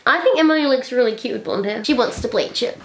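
A young woman chatting casually with a friend, giggly and animated. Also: on the high side, fast talker. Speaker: guest friend. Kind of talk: casual chat. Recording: roomy echo, faint noise.

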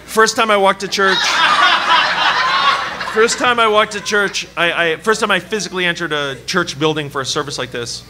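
A man preaching a sermon at a church service, telling a personal story in an animated, joking way. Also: high-pitched, normal speed, heavy background noise. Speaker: pastor. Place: church service before a congregation. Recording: live church hall with crowd. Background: audience laughing and calling out.

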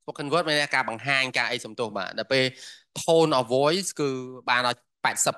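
Rapid, bright-voiced male interpreter. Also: a little high, clean tone. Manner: rapid, with frequent hesitation fillers. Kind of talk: interpreting a workshop lecture.

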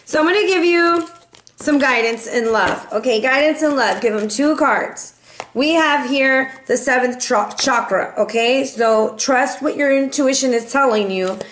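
A chatty woman reads tarot in a playful, easygoing way, her voice sitting a little high. The room is echoey, with a faint hiss behind her. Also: a little slow, fairly bright tone. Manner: chatty and playful, sings and meows in bursts. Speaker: tarot reader. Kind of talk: casual tarot reading.

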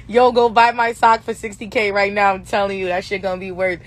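A hoarse young woman in her twenties who has lost her voice, chatting brashly and profanely on a phone live stream from a tour bus bedroom, laughing often. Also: mid-range voice, flat delivery, moderate pace. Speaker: livestream host. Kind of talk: casual live Q&A chat. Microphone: phone held for a social-media live stream.

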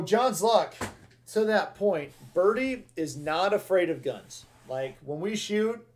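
A man hosting a live coin-hunting stream and chatting casually with viewers. He talks in an excitable, slangy way, with loud bursts of cheer between easygoing chatter. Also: a little high.

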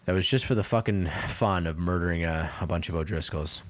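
A man's voice: low voice, brisk. A man streaming a game, chatting casually and rambling with lots of swearing and laughter. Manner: rambling, profane, laughs often. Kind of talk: casual gameplay commentary.

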